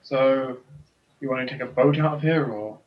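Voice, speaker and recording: A man running a tabletop game as game master, narrating scenes in a casual, halting way. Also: mid-range voice. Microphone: computer mic on a voice call. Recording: distant, dull voice-chat audio.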